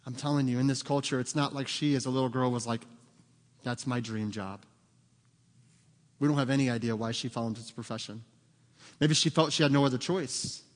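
A man's voice: mid-range voice, steady tone, fast talker. A man preaching a sermon as pastor, earnest, asking rhetorical questions and acting out the voices he quotes. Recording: long hall reverb.

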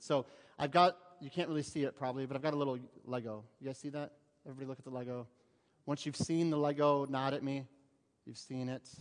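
A male pastor preaching a sermon to his congregation in a conversational way, with humorous asides. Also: mid-range voice. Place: church sanctuary. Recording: long hall reverb.

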